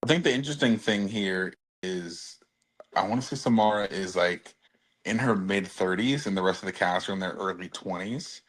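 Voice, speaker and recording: A man's voice: deep voice, normal speed, a bit bright, breathy edge, rough recording. A man co-hosting a casual pop-culture podcast, laid-back, mostly reacting with short remarks. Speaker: podcast co-host.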